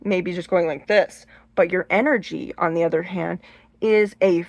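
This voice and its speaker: A woman's voice: on the low side, fairly even intonation, normal speed, no echo, dull audio. A woman hosting her own channel, giving casual advice in a chatty, rambling way, full of restarts and acted-out shrieks. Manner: emphatic, acts out shrieks and gestures. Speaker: channel host giving advice on haunted objects.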